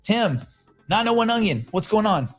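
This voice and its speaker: A man's voice: sits high, sing-song, normal speed, soft background music. A man hosting a casual livestream, giving blunt, opinionated commentary and greeting viewers by name as they join. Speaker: livestream host reading chat.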